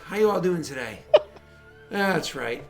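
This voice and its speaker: Animated, swearing man game master. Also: high voice, takes it slowly, gravelly, soft background music. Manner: animated storytelling, swears freely, acts out friends' reactions. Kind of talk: casual chat.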